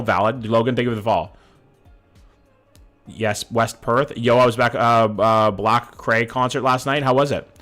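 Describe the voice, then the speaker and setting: A man's voice: medium pitch, a bit bright. Thirties streamer guy from vancouver, swears a lot, talks to chat, faint music behind. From Vancouver, Canada. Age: 30s. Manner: casual, swears a lot, chats with viewers while guessing. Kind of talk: live-stream commentary, reading chat.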